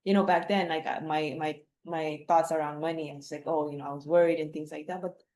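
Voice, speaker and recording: A woman's voice: sits low, steady tone, brisk, darkish tone. A middle-aged woman, a guest speaking reflectively and rambling, with many fillers and restarts. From Philippines. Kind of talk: reflective casual conversation.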